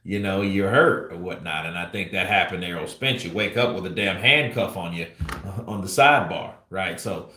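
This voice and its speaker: A man's voice: low-pitched, sharp tone. A man giving casual commentary on a boxing channel, rambling and blunt with lots of fillers. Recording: roomy echo.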